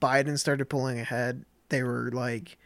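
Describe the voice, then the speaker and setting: A man's voice: medium pitch, level tone, normal speed, a bit bright, no room sound. A man co-hosting a podcast, chatting casually, blunt and making crude jokes. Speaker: podcast co-host.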